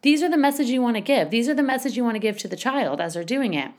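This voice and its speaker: Speaking fast and animated in a slightly high voice, this middle-aged woman chats through casual parenting advice on her podcast, leaning on "you know" and "like." She hosts the parenting show and also works as a school educator.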